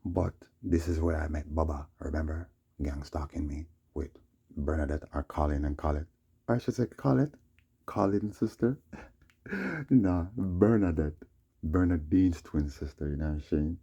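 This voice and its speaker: A man's voice: very deep voice, a little slow, creaky, dark tone, slightly rough. A man telling a long personal story in a meandering, casual way, often adding "you know what I'm saying" and "man". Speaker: vlogger.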